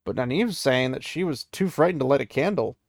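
Gravelly man retelling a story. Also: medium pitch, animated, brisk, no echo, clean studio sound. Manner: chatty, loose, with many "he's like" asides.

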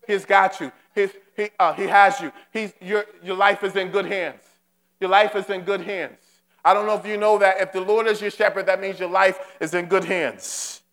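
A man's voice: sits high, fairly even intonation, moderate pace, fairly bright tone. A man preaching a sermon at a church service, urging the congregation on with fervent, repetitive calls. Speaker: pastor. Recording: long hall reverb.

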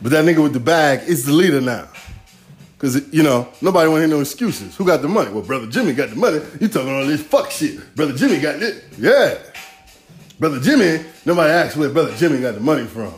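A man's voice: fairly high pitch, very animated, quick pace, reverberant, soft background music. A man in his forties hosting a podcast, rambling through a profane, streetwise solo monologue. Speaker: podcast host.

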